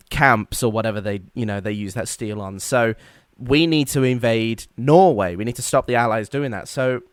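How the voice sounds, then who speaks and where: Man, smooth jokey history storyteller. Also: mid-range voice, no echo, studio quality. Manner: jokey storytelling, acts out silly quoted voices. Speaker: podcast co-host. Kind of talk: casual comedic history chat.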